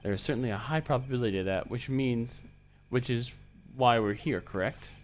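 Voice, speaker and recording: A man voicing a cool, composed male prosecutor, reading game dialogue aloud in a formal, measured way. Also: mid-range voice, close to an everyday voice.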